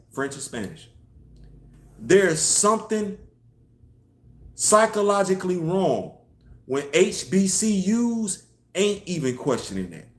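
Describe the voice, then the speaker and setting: A man hosting a casual live online show, talking emphatically, firing off rhetorical questions and answering viewer chat. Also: high voice. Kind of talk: casual live-stream commentary. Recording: echoey room.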